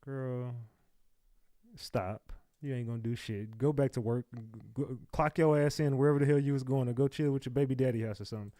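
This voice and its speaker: A man's voice: medium pitch, a little fast, warm tone, dry recording, studio quality. A man hosting casual reaction commentary, talking bluntly with mocking slang. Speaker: commentary host.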